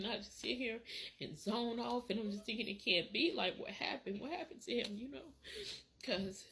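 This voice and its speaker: Grieving woman, halting and tearful. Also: on the high side, fairly bright tone, slight background noise. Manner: halting, repeats words, many fillers. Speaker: vlogger. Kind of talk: grieving personal vlog.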